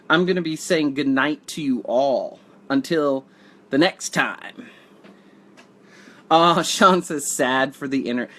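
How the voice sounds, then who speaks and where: A man's voice: on the high side, fairly bright tone. A man hosting a casual live video, reading viewer comments and joking in a rambling, dry way. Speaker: livestream host.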